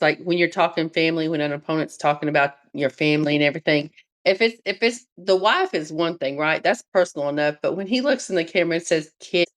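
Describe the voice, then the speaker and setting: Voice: mid-range voice, fairly bright tone. A podcast co-host in casual chat who rambles and restarts thoughts on the way to a point.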